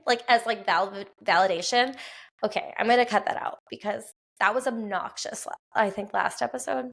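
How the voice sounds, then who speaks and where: A woman in her thirties with a Wisconsin accent talks casually as a podcast host, scattering fillers and easy laughter through her chat. Her voice sits in a middle register with a gravelly fry at the ends of phrases, recorded in a quiet home late at night. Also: medium pitch, moderate pace. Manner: chatty, laughs often, frequent fillers.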